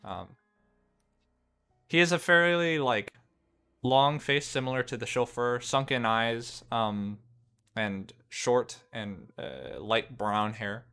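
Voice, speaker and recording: A man's voice: mid-range voice, takes it slowly, bright, forceful tone, clear, resonant tone, faint music behind. A man narrating a tabletop game as game master, rambling with fillers and restarts as he describes scenes.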